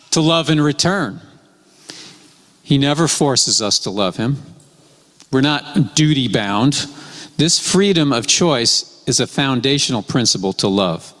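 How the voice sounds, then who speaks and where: A man preaching a sermon in a measured way, repeating his key phrases. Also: fairly high pitch, a bit bright. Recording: long hall reverb.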